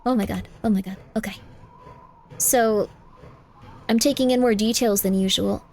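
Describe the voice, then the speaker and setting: A young woman streaming a game live, chatting fast and often repeating herself, with sudden exasperated outbursts. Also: medium pitch, fairly even intonation, slight background noise. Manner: chatty, repeats phrases, bursts of exasperated yelling.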